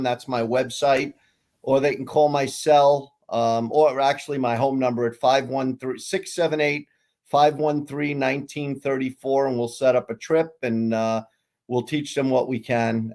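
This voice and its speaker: A man, a fly fishing guide and author, chatting casually on a podcast in an animated, self-mocking way. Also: medium pitch.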